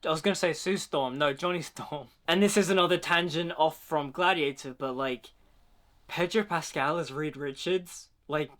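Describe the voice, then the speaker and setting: A man with a slightly higher-than-usual voice talks through a film trailer in a loose, chatty way. His sentences lean heavily on "like" as he works out his thoughts, and his tone stays informal and conversational throughout. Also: moderate pace, fairly bright tone. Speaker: film reaction vlogger. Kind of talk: casual trailer reaction commentary.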